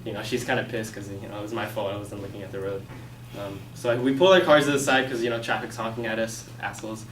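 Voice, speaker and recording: A young man telling a personal story in a casual, animated way, acting out his own past lines. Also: lowish voice, quick pace, hardly any pauses, a little hiss or hum. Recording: echoey room, mic from a distance.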